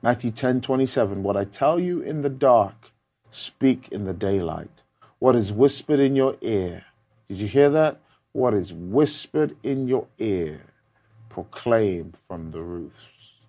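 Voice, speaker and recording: A man preaching a sermon, fervent and emphatic, repeating key words for effect and moving between loud passages and quiet, measured ones. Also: fairly low pitch, animated.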